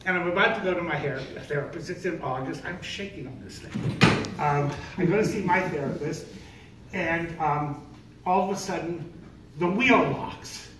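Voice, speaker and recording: Older male storyteller, lively and self-mocking, noisy distant live recording. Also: on the high side, moderate pace. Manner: animated, self-mocking, acts out voices. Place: live event venue on stage. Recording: echoey room, distant, noisy.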